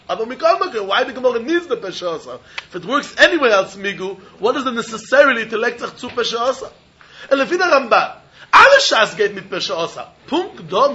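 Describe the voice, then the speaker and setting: Male Talmud teacher, high bright voice, animated and questioning, dull lo-fi recording. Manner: animated, questioning, mixes Yiddish phrases into English. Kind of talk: Talmud study lecture.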